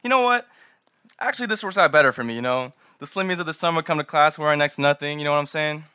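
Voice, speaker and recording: A man's voice: a little high, quick pace, clean tone, no room sound. A young man playing a hurt young man abandoned by his father, reading a scene with friends. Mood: bitter. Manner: bitter, rising to shouting.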